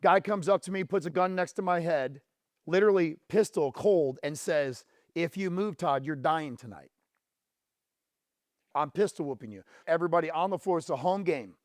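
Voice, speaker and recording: A motivational speaker giving a keynote from a stage, telling a hard personal story and firing questions at the audience. He goes low and quiet on painful memories and turns loud and quick when he pushes the crowd. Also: dry recording, studio quality. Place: conference stage.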